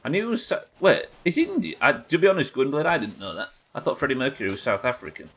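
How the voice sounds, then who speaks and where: A man's voice: medium pitch, sing-song, fast talker, a bit bright, husky. A young man streaming a pirate game live, chatting with viewers and swearing casually. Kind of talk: live game commentary reading chat.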